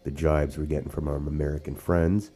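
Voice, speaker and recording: A man's voice: rumbling low, flat delivery, fairly quick, dark tone. A man from Canada hosting casual political commentary, rambling with frequent restarts and asides. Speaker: host. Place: outdoors or casual setting in Sarnia.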